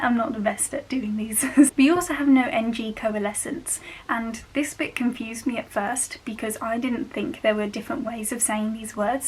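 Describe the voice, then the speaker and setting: A young woman with a Black Country accent, talking casually to camera in a slightly high voice. She explains things in a chatty way and enunciates carefully. A faint hiss sits under her voice. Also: low-quality recording. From Black Country, England. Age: young adult. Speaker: vlogger.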